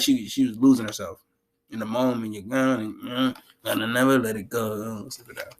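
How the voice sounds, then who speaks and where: A man giving a casual, animated anime recap in heavy slang, laughing often. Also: mid-range voice, moderate pace. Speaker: anime commentator.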